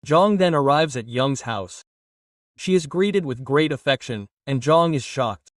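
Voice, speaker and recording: A man narrating a drama recap in a brisk, even storytelling read. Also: mid-range voice, no echo, studio quality, far from the mic. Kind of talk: scripted plot narration.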